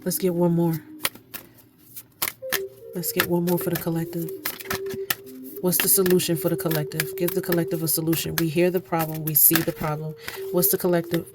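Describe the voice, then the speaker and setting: A woman's voice: fairly low pitch, level tone, normal speed, pauses often, heavy background noise. A woman giving an oracle card reading, earnest and preachy, repeating phrases for emphasis. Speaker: spiritual card reader. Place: indoor room, candles lit.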